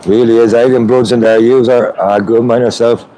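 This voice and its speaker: A man's voice: mid-range voice, flat delivery, normal speed, warm tone, low-quality recording. An Irish man livestreaming from a street protest outdoors, chatting casually and greeting viewers by name. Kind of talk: live street stream.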